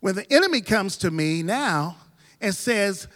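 Man, pastor, high voice, preaching cadence, loud-to-soft swings, long church reverb. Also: expressive, moderate pace. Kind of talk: sermon. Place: church sanctuary.

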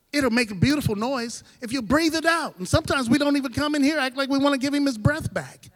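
A middle-aged man, a pastor, preaching a sermon in a church, his delivery rising and falling between loud bursts and soft asides. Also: very high voice, a little fast, long reverb tail. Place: church sanctuary.

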